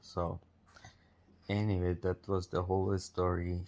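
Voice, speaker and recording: A man recounts a run-in in an unhurried, casual way, often chuckling as he goes. His voice is low and mellow, and his English is loose, with non-native grammar. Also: completely flat delivery, creaky. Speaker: vlogger. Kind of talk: casual storytelling.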